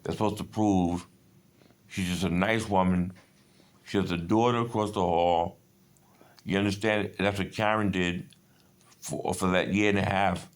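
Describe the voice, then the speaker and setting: A man's voice: low-pitched, fairly even intonation, unhurried, long pauses. Agitated, profane man in his fifties. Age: 50s. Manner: agitated, profane, digressive storytelling. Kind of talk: rambling personal monologue.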